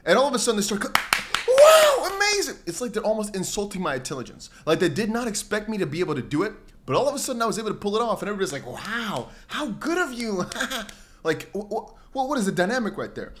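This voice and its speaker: A man's voice: sits high, racing, few pauses, a little hiss or hum. A young man hosting a livestream, chatting casually and rambling as he reads out viewer comments, often dropping into mock voices. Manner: animated, rambling, jumps into mock voices and exclamations. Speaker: crypto livestream host.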